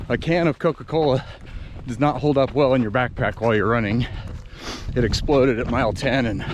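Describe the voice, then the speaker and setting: An upbeat, chatty man talks to his handheld camera out on a trail in the middle of a long race. His voice sits in a middle register and carries outdoor background noise. He jokes easily about his mishaps. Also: mid-range voice. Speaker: ultramarathon runner filming himself. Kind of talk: casual on-the-trail vlog. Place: outdoors on a desert island trail.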